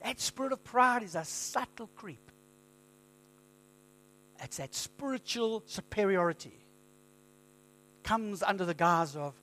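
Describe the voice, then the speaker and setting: A man preaching a sermon as pastor, in a conversational storytelling manner with lively quoted asides. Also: on the high side. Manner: conversational storytelling, animated quoting.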